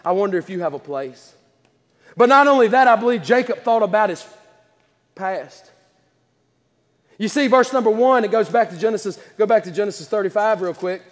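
A pastor preaching a sermon in a church, with impassioned delivery that swells into shouts. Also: male voice, high-pitched, moderate pace, pauses often, big-room sound. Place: church sanctuary.

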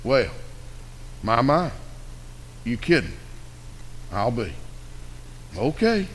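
A man voicing a huge, burly lumberjack with a rough voice, acted out within a sermon. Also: mid-range voice, big pitch swings, drawn-out words, a little hiss or hum, pitched below the performer's own voice. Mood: astonished. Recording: echoey hall reverb.

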